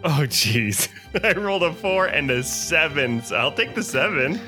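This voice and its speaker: A man's voice: fairly high pitch, lively intonation, unhurried, pushed and bright, soft background music. A man playing in a tabletop game, hesitant, thinking aloud as he plans. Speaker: player. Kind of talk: casual tabletop play.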